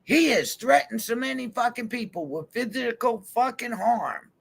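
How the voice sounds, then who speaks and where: A man's voice: very high-pitched, expressive, normal speed, vocal fry, slightly rough. A man on a vlog in a heated, swear-filled rant, calling people out directly. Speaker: YouTube vlogger. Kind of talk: angry profane rant to camera. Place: van.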